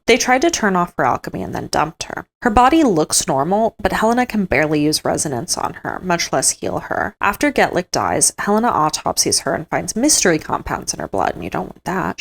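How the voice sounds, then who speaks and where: A woman recapping a book in a casual way, animated and full of sarcastic asides. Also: lowish voice, gravelly. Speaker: book reviewer.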